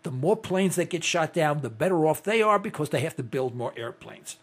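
Fairly high-pitched, a little fast, and breathy, the voice belongs to a sixty-something man hosting talk radio. He's expressive and worked up, rambling through an indignant, opinionated monologue.

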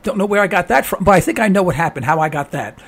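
A man hosting a call-in talk radio show, hoarse with laryngitis, ranting with exasperation and repeating himself. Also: sits high, expressive, fast talker.

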